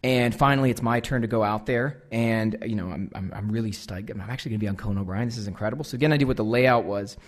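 A man's voice: lowish voice, quick pace, few pauses. Self-mocking American man telling stories. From United States. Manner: animated, self-deprecating, acts out the dialogue. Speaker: guest speaker. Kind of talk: comic storytelling to a live audience.

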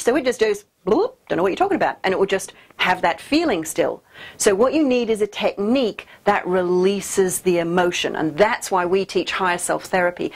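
A woman hosting and teaching in a direct-to-camera talk, explaining in a lively, playful way with emphatic rhetorical questions. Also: medium pitch. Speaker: host and teacher.

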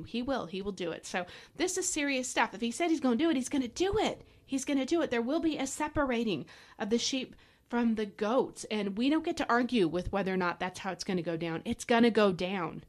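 A woman's voice: a little high, animated, brisk. A woman hosting a devotional podcast, preaching fervently and urging listeners to act, with folksy asides and repeated emphasis. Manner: fervent, exhorting, direct address to listeners. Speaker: podcast host and Bible teacher.

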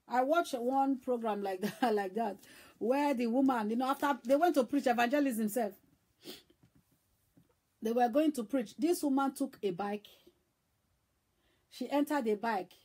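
High-voiced woman preaching. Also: measured pace, pauses often, slightly rough. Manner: emphatic, repetitive, swings between loud and hushed. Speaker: evangelist preacher. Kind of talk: sermon.

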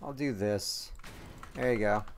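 A man streaming a game live, chatting and rambling to his viewers, joking and quick to apologize. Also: fairly low pitch, slight background noise. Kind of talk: live gameplay commentary to chat.

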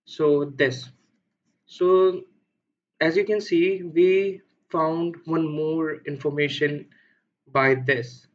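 Man, Indian accent, coding tutorial, slow deliberate pace, slightly raised pitch, dull lo-fi sound. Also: steady tone. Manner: thinking aloud with frequent fillers and self-corrections. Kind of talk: screen-recorded coding walkthrough.

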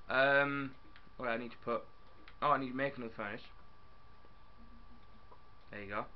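Excitable young man, lo-fi mic. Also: medium pitch. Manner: chatty, excitable, talks to the viewers and to his in-game dog. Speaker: gaming YouTuber. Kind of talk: casual game commentary.

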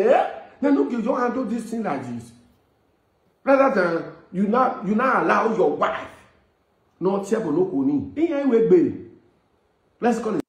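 A man's voice: sits high, sing-song, normal speed, echoey room. A man with a Nigerian accent speaking pidgin in a pleading, sing-song way, heard from a played clip.

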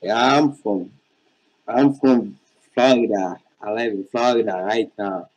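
A man's voice: lowish voice, unhurried, a little mellow. A man on a casual phone call, hesitant, often calling her baby. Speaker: caller.

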